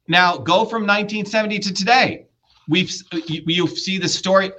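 A man's voice: high voice, normal speed, pushed and bright, dull audio. A man running for office, arguing bluntly and lecturing with profanity in a heated political debate. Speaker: political candidate.

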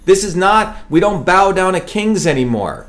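An Indian man running for office hosts a web show, addressing the camera emphatically in his campaign talk while frequently stumbling and repeating words. His voice is high-pitched and a bit bright, with big swings in pitch and a moderate pace.

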